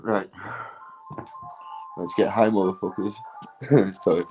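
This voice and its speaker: A British man chatting on a livestream while high, his talk loose and rambling. He swears freely and keeps breaking into laughs. Faint music plays behind him. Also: steady tone, slow pace, mellow, poor audio. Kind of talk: rambling casual livestream chat.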